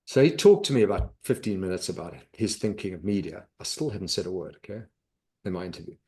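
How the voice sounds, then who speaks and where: Low-voiced man telling stories. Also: fast talker. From South Africa. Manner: lively anecdotal storyteller, acts out quoted voices. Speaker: podcast guest, investor. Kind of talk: storytelling in a podcast interview.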